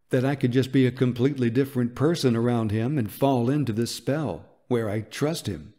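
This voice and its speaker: A man narrating a romance audiobook in a soft, unhurried and intimate reading. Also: mid-range voice.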